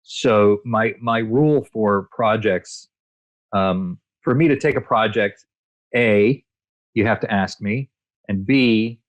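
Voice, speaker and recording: A man's voice: lowish voice, slow, no echo, muffled recording. A man being interviewed about his voice acting and screenwriting work, talking casually with plenty of fillers and restarts. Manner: relaxed storyteller, many fillers and restarts. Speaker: guest, voice actor and screenwriter.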